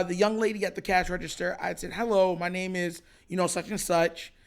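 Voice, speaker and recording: A man hosting his own podcast, telling a story casually and acting out excited moments. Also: sits high, clean tone. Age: adult. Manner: animated, retells others' lines with raised excited voice. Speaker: podcast host.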